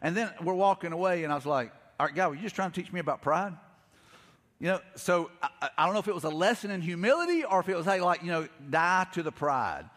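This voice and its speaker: A middle-aged man, preaching a conversational sermon, telling stories and acting out quotes with quick repeats. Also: high voice, animated, fairly bright tone, big-room sound. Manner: storytelling, acts out quotes, frequent repeats. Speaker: pastor.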